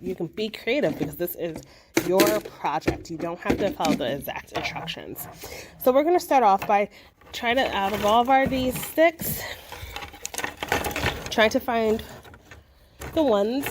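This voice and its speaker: Against a noisy background, a young woman librarian with a mid-range voice leads a laid-back tutorial on an easy kids' craft. She keeps up a friendly, encouraging chatter peppered with lots of fillers.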